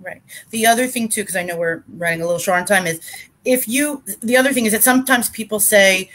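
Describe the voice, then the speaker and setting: A middle-aged woman speaking earnestly and warmly about caregiving, restarting her sentences often, over a video call. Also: mid-range voice, fast talker. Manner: earnest, heartfelt, with frequent restarts. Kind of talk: conversational advice talk.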